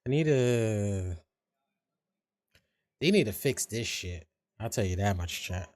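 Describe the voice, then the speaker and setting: A man's voice: fairly low pitch, lively intonation, takes it slowly, a little mellow. Laid-back rambling male streamer. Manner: laid-back, rambling, swears casually, scat noises. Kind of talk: casual gaming stream chat.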